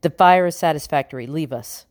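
A woman voicing a stern, panicked colonial gentleman who gives curt orders as he flees arrest. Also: deep voice, a little fast, no room sound, clean studio sound, close to an everyday voice. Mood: commanding. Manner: curt, commanding.

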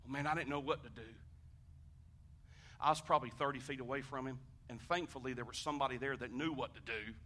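A man preaching a sermon, conversational and animated, asking the congregation questions and swinging from hushed talk to shouting. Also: medium pitch, quick pace. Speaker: pastor.

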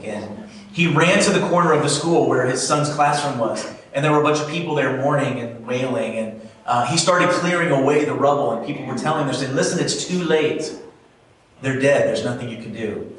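A pastor delivering a sermon in a relaxed, earnest storytelling manner, with the odd "um" and "uh." His voice rings through a very reverberant church hall. He stands at a distance from the mic, with faint room noise underneath. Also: mid-range voice. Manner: conversational, earnest, fillers. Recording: very echoey room, mic far off.

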